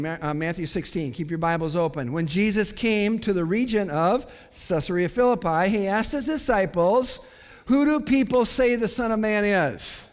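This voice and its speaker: A male pastor preaching a sermon, animated, moving between quiet asides and emphatic declarations. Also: high voice. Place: church sanctuary. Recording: long church hall reverb.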